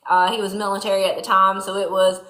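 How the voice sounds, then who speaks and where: A woman's voice: medium pitch, little pitch movement, fast, bright, forceful tone, reverberant. A woman from Louisiana with a Southern accent and a folksy country twang, hosting a casual farm livestream and chatting with viewers from a barn. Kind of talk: casual livestream chat reading viewer comments. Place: barn during milking chores.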